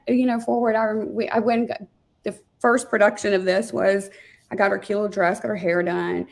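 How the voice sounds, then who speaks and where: A woman telling stories as an interview guest in a chatty, animated way, with lots of fillers. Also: medium pitch, gravelly. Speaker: guest, real estate team leader. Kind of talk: casual interview storytelling.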